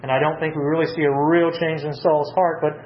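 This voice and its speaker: A man's voice: fairly high pitch, flat delivery, brisk, lo-fi sound. A man preaching a sermon, asking the listeners questions and answering them himself. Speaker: pastor.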